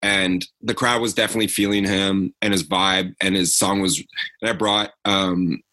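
Young man, podcast co-host, bright tone, relaxed slangy chat. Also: sits low, normal speed. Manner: laid-back, laughs often, slangy. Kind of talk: casual chat.

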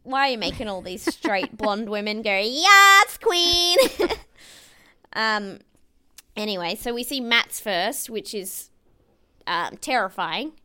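Bright, chatty young woman. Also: medium pitch, a little slow, long pauses, clean tone. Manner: chatty, laughs often, acts out quotes. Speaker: podcast co-host. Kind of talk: casual recap chat.

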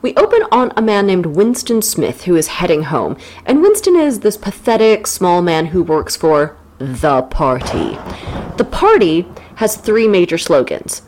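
A woman from the United States co-hosting a podcast, discussing a book casually and teasing with quick jokes. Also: lowish voice, sing-song, darkish tone. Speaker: podcast co-host.

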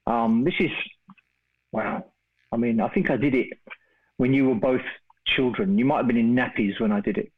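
A middle-aged man from England telling a long casual story, chatty and animated, acting out the voices of the people in it. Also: medium pitch, normal speed, long pauses, slightly rough. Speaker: guest storyteller. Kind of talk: casual anecdote on a phone call. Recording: tinny phone-line sound.

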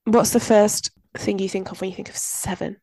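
A woman co-hosting a podcast, telling lively anecdotes in casual chat and laughing often. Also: medium pitch, moderate pace, dry recording. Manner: chatty, animated anecdotes with frequent laughter. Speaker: podcast co-host.

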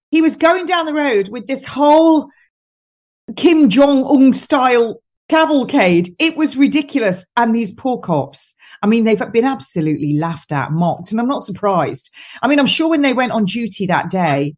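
A woman talking on a podcast as a guest, chatty and mocking, laughing often as she tells stories. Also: sits high. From United Kingdom. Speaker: guest nutritionist. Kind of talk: casual podcast chat.

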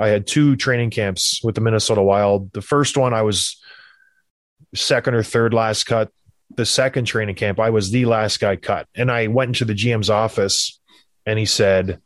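A middle-aged man from Canada, a former hockey player, telling a rambling, animated anecdote in a casual way, quoting the people in it. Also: on the low side, no echo. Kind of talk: casual storytelling.

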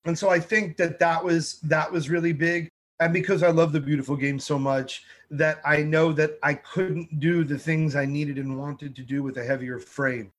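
A man tells stories in a relaxed interview, voicing the people he quotes. His voice sits a little high for a man. His delivery is lively and conversational. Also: moderate pace, hardly any pauses. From New York. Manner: animated storyteller, acts out quotes. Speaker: TV food show host, guest.

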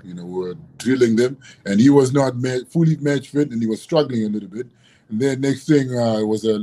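A man talking casually as a podcast guest, relaxed, laughing often and leaning on "you know" fillers. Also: medium pitch. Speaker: guest, former rugby prop.

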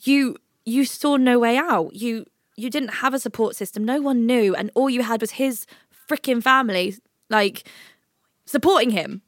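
A woman's voice: a little high, moderate pace, no room sound. Woman crying on a zoom call, comforting her mate, swears a lot, dry sound. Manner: tearful, swears freely, comforting. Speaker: podcast co-host. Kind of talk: emotional casual chat. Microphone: video call.

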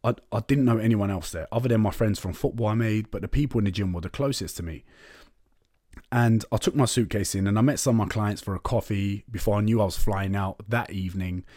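A man's voice: fairly low pitch, brisk, a little mellow, no room sound, clean studio sound. A young man hosting a podcast, telling a personal story in a candid, chatty way. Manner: candid and chatty, swears and says "innit, man". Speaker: podcast host. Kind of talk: casual storytelling monologue.

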